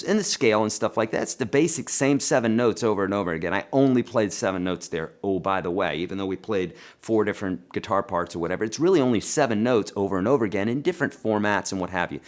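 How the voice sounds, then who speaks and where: A man hosting a live guitar lesson and Q&A, chatty and animated, talking to viewers as friends and reading their questions aloud. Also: on the low side. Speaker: guitar teacher hosting a livestream.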